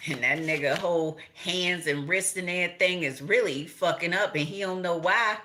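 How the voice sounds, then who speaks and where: A woman's voice: sits low, normal speed, pushed and bright, slight background noise. A middle-aged woman from Chicago doing a casual tarot reading, talking straight to viewers, swearing freely and laughing. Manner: profane, laughing, talks to viewers directly. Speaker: tarot reader.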